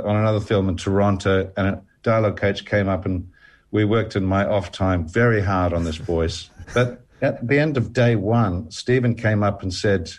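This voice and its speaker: An actor in his seventies with a New Zealand accent, telling an amused anecdote in a radio interview. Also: lowish voice. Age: 70s. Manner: amused storytelling, slips into voices.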